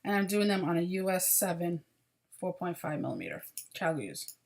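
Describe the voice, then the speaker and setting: A woman's voice: lowish voice, sing-song, moderate pace, vocal fry. A woman hosting a crochet video podcast, chatting casually and apologetically about her projects, sounding tired.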